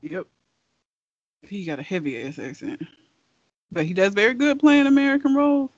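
Woman co-host, frank and blunt; animated pitch, dull lo-fi recording. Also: moderate pace, dry recording. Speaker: podcast co-host. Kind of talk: casual chat.

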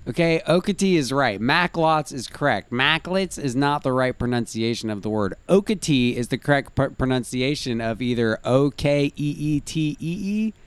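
A man's voice: medium pitch, normal speed, hardly any pauses, clear, resonant tone, no echo. A man co-hosting a podcast, arguing in a casual chat with an exasperated, teasing manner. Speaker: podcast co-host.

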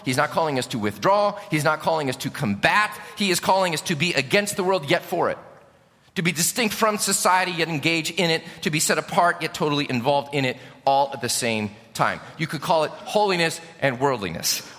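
A man from Chicago preaching a sermon as pastor, emphatic, lifting key lines and dropping low at the ends. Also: expressive, fairly quick, a bit bright, in a large hall.

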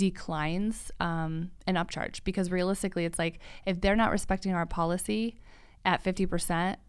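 A woman's voice: fairly low pitch, smooth, no echo. A woman who runs a lash studio, chatting casually about salon policy and often breaking into laughter and quoting clients. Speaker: lash studio owner, podcast co-host. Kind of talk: casual business chat.

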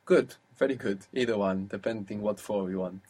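A man's voice: lowish voice, moderate pace, a little mellow, slightly rough. A man teaching a language lesson, patiently asking questions and explaining rules step by step.

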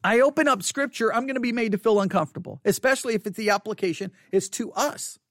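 Animated pastor preaching, dry sound. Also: mid-range voice, fast, dry recording. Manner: animated, rising to indignant emphasis. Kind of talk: sermon.

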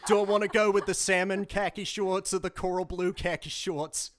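A man's voice: high voice, fairly even intonation, normal speed, very noisy, pitched above the performer's own voice, natural voice. Man putting on a rowdy New Zealand racer bro. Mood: smug. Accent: put-on New Zealand. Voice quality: loud, jokey mock voice. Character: rowdy young male racer bro, smug party type.

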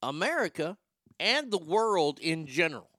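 A man's voice: a little high, big pitch swings, moderate pace, pushed and bright, dry recording, clean studio sound. A man hosting a vlog, ranting in a crude, opinionated monologue and stammering over his words. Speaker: vlog host.

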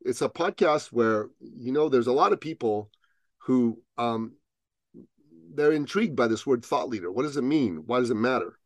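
A man telling a story as a podcast guest, acting out both sides of the dialogue with rising, loud peaks. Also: medium pitch, lively intonation, moderate pace, dry recording. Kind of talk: animated storytelling in an interview.

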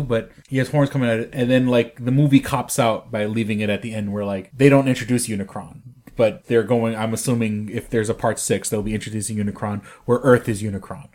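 A man's voice: mid-range voice, a little mellow. Rambling, profane man chatting about movies. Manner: rambling, profane, lots of fillers and restarts. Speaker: podcast co-host. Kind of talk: casual chat about movies.

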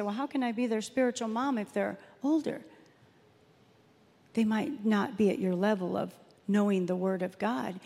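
A woman's voice: medium pitch, dark tone. A woman pastor preaching a sermon in a church, telling a story in a conversational way and acting out the quotes. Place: church sanctuary. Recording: long hall reverb.

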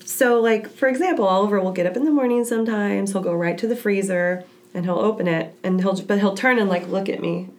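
A woman in her thirties talks in a relaxed, casual way about raising a toddler. She tells stories in an animated way and acts out the voices. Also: medium pitch, fairly quick. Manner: animated storyteller acting out her kid. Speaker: podcast co-host, mother of a toddler. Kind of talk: casual chat.

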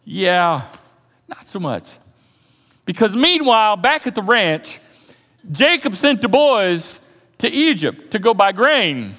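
A man preaching a sermon, telling a story with lively animation and acting out the characters' lines. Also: sits high, slow pace, pauses often, in a large hall. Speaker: pastor. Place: church auditorium.

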